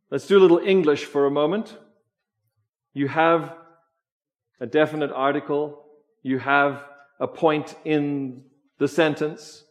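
Male pastor, slightly high voice, slow deliberate sermon delivery. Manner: slow, emphatic preaching with questions to the congregation.

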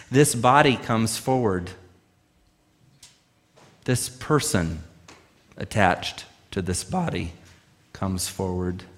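A man preaching a sermon as pastor, emphatic, full of rhetorical questions and slow, drawn-out phrases. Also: fairly low pitch.

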